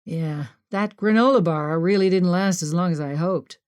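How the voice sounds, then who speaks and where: A woman voicing a sensible young friend who speaks in a dry, unhurried way. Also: lowish voice, darkish tone, dry recording, lightly acted.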